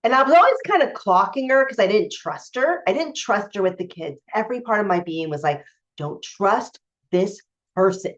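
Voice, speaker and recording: A woman's voice: medium pitch, expressive, a little fast, few pauses. A woman coaching spiritually, telling a personal story to camera in a candid, emphatic way with many fillers and restarts. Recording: dull lo-fi recording.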